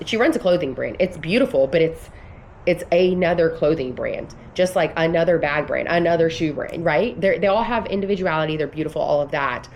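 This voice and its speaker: Earnest rambling woman vlogger, lowish voice. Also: a little hiss or hum. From United States. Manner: earnest, emphatic, rambling with restarts. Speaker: vlogger and business coach. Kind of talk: casual motivational vlog talk.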